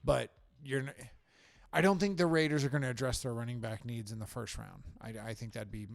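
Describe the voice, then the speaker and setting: A man with a gravelly, creaky edge to his voice talks football on a podcast, sure of his predictions and happy to defend them. His voice is close and dry, with no room sound around it. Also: mid-range voice, fairly even intonation, brisk, dry recording. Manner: opinionated, confident football predictions. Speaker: podcast co-host. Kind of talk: casual sports chat.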